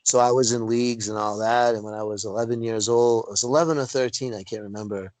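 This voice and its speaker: A man of medium pitch telling wrestling-ring stories in a loose, conversational way. He jumps into sudden higher pitch when he acts out what people said. The call audio is dry and close. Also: fast talker, no room sound, poor audio. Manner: animated storyteller, acts out quotes with big pitch jumps. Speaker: wrestling referee guest. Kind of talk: casual storytelling interview. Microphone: video call.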